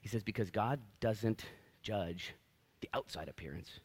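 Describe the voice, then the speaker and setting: A man preaching a sermon as pastor, animated and acting out the voices in his stories. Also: on the low side, a little slow, husky.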